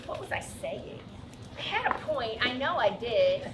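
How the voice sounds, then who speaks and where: A woman's voice: a little high, big pitch swings, measured pace, noisy background. A middle-aged American woman, a teacher, introducing a student comedy show in a rambling way that loses its thread. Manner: rambling, loses her train of thought.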